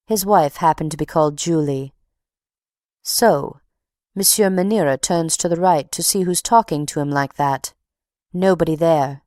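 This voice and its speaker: A woman narrating an audiobook in a measured, steady reading. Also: low voice, dry recording, studio quality.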